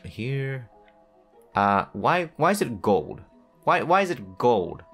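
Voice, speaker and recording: A man's voice: mid-range voice, big pitch swings, takes it slowly, fairly bright tone, faint music behind. A man giving rambling, jokey commentary to himself while playing a building game. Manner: rambling, self-talking, jokey asides. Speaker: gaming video creator. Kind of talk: casual gameplay commentary.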